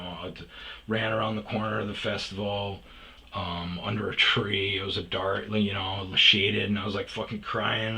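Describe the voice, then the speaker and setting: A man from Wisconsin spins a personal story, swearing freely and circling back on his sentences as he goes. His voice sits on the low side, with loose, casual talk. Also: bright, forceful tone, rough recording. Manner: rambling, profane, self-interrupting.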